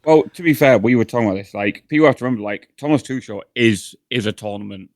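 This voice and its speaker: A young man, co-hosting a podcast, chatting excitably and repeating himself. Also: mid-range voice, quick pace, no echo. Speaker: podcast co-host. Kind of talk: casual chat.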